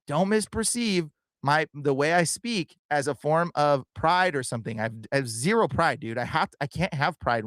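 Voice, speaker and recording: The young man hosting this livestream podcast has a fairly high pitch, captured in a dry recording. His talk is earnest, casual and fast, heavy on fillers with "bro" and "like" coming up often.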